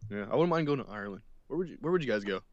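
A man's voice: mid-range voice, lively intonation, rapid-fire, darkish tone, no echo, dull audio. A young adult man hosting a podcast, chatting casually in loose slang and swearing freely. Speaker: podcast host. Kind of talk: casual chat.

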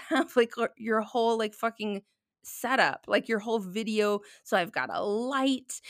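A woman's voice: mid-range voice, fairly bright tone, no room sound, studio quality. A middle-aged woman in casual storytelling chat, swearing freely and rambling with many fillers.

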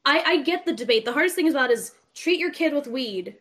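A woman's voice: high voice, expressive, quick pace, a bit bright. Rambling, chatty young woman. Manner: rambling, chatty, swears freely. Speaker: podcast co-host. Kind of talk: casual stoned chat.

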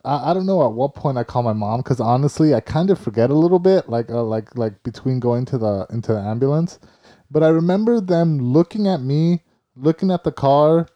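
A man telling a story in casual chat, animated and acting out other people's lines. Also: mid-range voice, dull audio. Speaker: storyteller recounting a car crash.

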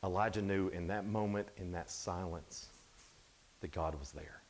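Man preaching at youth camp, casual and animated. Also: low voice, moderate pace, a little hiss or hum. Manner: casual, animated storytelling, drops to hushed tones. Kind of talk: sermon.

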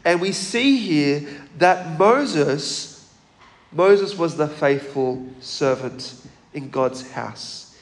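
A man preaching a sermon in a church, measured and emphatic, asking the congregation questions. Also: fairly high pitch, expressive, big-room sound.

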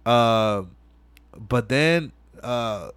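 Young man, podcast host, slangy and profane, animated retelling, dry close sound. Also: medium pitch, extremely slow, smooth, no room sound. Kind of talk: casual movie recap chat.

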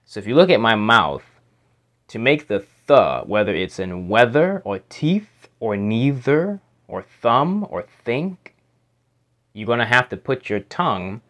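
Low-voiced man teaching pronunciation slowly. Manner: slow, demonstrative, repeats sounds and words for practice. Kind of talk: instructional explanation. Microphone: home microphone.

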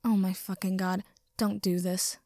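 A woman's voice: medium pitch, fairly even intonation, fairly quick, darkish tone, no echo, studio quality, natural voice. A woman voicing a tired, exasperated young man with a weary, groaning delivery. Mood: pleading.

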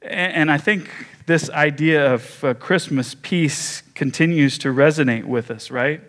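A man pastor preaching a sermon, telling a story with measured pauses and small restarts. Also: on the high side, a bit bright.

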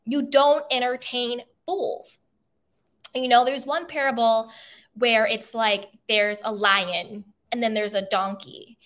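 A woman's voice: on the high side, fairly even intonation, slow pace, a bit bright. A woman hosting a self-help podcast, talking in an emphatic, motivational way and repeating key phrases for effect. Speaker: podcast host.

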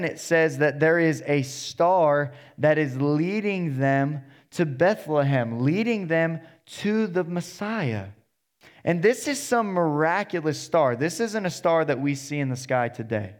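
Male pastor, mid-range voice, preaching a casual storytelling sermon and voicing the characters' lines. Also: mid-range voice. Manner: storytelling, acting out the characters in plain voice. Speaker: associate pastor.

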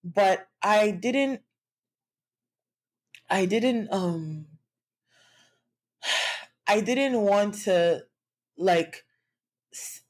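A woman's voice: mid-range voice, drawn-out words, pauses often. A young woman from Nigeria telling a personal story in a candid, conversational vlog, with frequent fillers and restarts. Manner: occasional laughs while speaking. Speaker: vlogger.

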